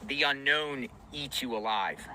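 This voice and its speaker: A man hosting a live-stream chat, calm and sympathetic, asking short questions. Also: medium pitch, measured pace, a little hiss or hum, poor audio.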